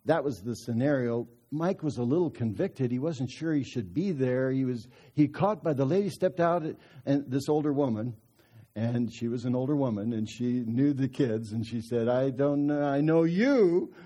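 A man's voice: medium pitch, moderate pace, dark tone. A middle-aged man giving a storytelling sermon at a parenting conference, folksy and chuckling through his anecdotes.

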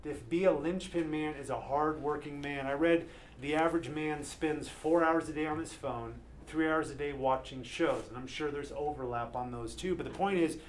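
A man in his thirties preaching an earnest, animated sermon to a men's group as pastor. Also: a little high, moderate pace, slight background noise. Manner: earnest, animated, acts out quoted voices.

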